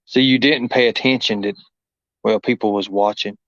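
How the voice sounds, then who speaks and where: A man's voice: lowish voice, steady tone, moderate pace, a bit bright, dry recording. A middle-aged man, hosting a livestream in a rambling, folksy, exclaiming way. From Kentucky. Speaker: livestream host. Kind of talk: casual livestream talk. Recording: muffled dull audio.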